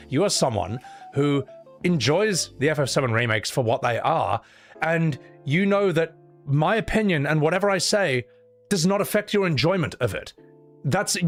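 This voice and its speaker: A man livestreaming, chatting casually and reading donation messages. He rants with profanity and strong opinions. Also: on the high side. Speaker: streamer.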